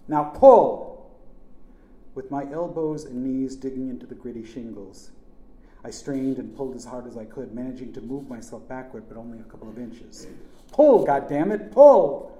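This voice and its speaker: A man's voice: medium pitch, fairly even intonation, brisk, dark tone. A man narrating a first-person story in a plain, earnest manner. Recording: echoey room.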